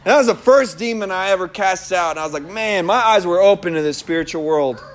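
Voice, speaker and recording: A man preaching a sermon and telling personal testimony in an animated way, laughing often. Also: high voice, fairly quick.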